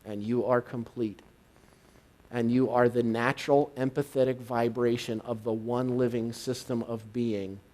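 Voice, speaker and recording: A male minister giving a live sermon, swinging from hushed and intimate to loud and excited. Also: mid-range voice, a little slow. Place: church service, live.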